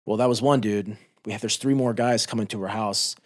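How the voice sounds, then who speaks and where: A man's voice: fairly low pitch, fairly even intonation, fairly quick. A man in his thirties, a former Marine, telling a combat story in a candid, profane, intense way on a podcast. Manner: intense, profane, re-enacts shouts. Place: podcast studio.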